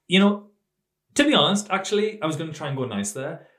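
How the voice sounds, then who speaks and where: A man co-hosts a comedy chat in a sarcastic, rambling way and swears casually. His pitch moves in a lively way. The room has a roomy echo. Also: fast talker.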